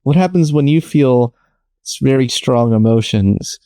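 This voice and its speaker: A man's voice: mid-range voice, unhurried, mellow, clean tone, no echo. A man hosting a podcast interview, enthusiastic and a little hesitant as he forms his questions. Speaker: podcast host.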